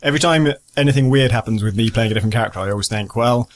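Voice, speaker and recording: Man, mid-pitched voice, relaxed podcast chat, explanatory. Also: rapid-fire. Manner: relaxed, explanatory, hesitant fillers. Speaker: podcast co-host. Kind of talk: casual chat.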